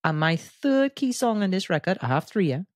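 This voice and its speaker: A man hosting a music podcast, explaining his views with animated enthusiasm in casual discussion. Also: high voice, normal speed, no echo, clean studio sound. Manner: animated, enthusiastic explainer who breaks into sung bits. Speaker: podcast host.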